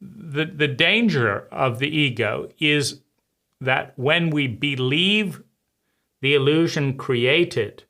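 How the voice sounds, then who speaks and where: A man hosting his own channel, giving a slow, deliberate philosophical monologue with frequent pauses between phrases. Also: fairly high pitch, pushed and bright. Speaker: channel host.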